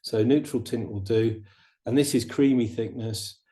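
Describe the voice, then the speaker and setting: A middle-aged man teaching watercolor painting, chatting in a relaxed way and explaining each step as he paints. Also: medium pitch, unhurried. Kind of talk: painting demonstration.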